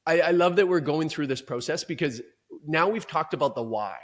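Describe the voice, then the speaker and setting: Energetic higher-voiced male coach. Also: fairly quick. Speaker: performance coach and guest. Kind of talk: motivational interview talk.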